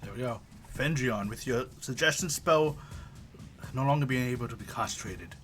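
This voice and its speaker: A man's voice: medium pitch, moderate pace, a bit bright, faint music behind. A man running a tabletop game as game master, narrating casually with plenty of "like" and "kinda". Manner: casual, full of fillers and restarts.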